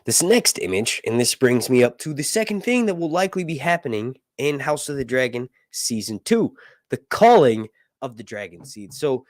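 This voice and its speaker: A man from the United States rants through a casual commentary in a loose, opinionated way, dropping fillers and tag questions. His voice sits a bit high and swings widely in pitch. The recording is dry, with no room echo. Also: a little mellow. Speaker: YouTube commentator.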